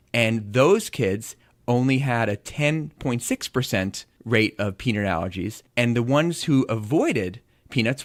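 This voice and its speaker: A man's voice: mid-range voice, no echo. Chatty man walking through study numbers. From United States. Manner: explains study figures at length, dry jokes. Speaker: podcast co-host, pediatrician. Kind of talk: casual chat about medical research.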